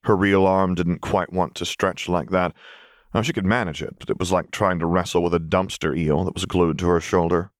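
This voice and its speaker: A man reading fan fiction aloud as an audiobook narrator, in a calm, measured storytelling manner. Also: sits low, no room sound, clean studio sound.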